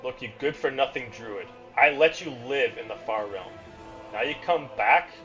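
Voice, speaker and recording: A man's voice: medium pitch, expressive, normal speed, pushed and bright, highs cut off, soft background music. A man voicing a cold, proud female angel who speaks curtly and dismissively. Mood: scornful. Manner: curt, dismissive.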